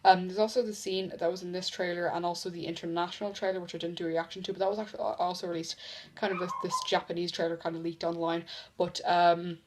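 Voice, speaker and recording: A man's voice: sits high, level tone, fast, a little hiss or hum. A man hosting a casual news commentary vlog, rambling with lots of ums and restarts. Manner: rambling, full of ums and self-corrections. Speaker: vlog host.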